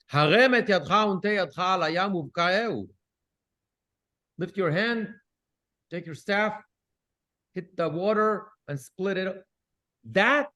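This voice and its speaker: With a voice that sits high, a man who is a cantor reads Hebrew scripture aloud to his Bible study class, translating as he goes and asking lively questions.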